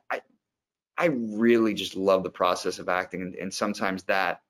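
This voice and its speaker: A man's voice: low voice, a bit bright. A man, an actor, answering interview questions in a reflective, explanatory way.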